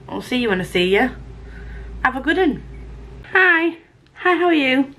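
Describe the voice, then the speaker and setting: A woman book vlogger chatting casually through a mail unboxing, gushing and excitable, with casual swearing. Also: high voice, moderate pace, pauses often, a little hiss or hum. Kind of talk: casual unboxing and reading vlog.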